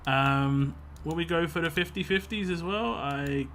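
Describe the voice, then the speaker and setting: A man's voice: on the high side, takes it slowly, fairly bright tone, slight background noise. A British man chatting casually while live-streaming a mobile game and reading out viewer comments in a rambling, chatty way. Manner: chatty, rambling, reads chat comments aloud.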